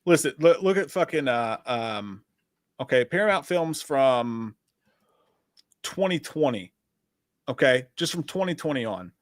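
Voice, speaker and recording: A man co-hosting a casual livestream discussion, talking in an animated, profane, rambling way as he reads through a list. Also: medium pitch, unhurried, pauses often, no room sound, studio quality. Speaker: podcast co-host.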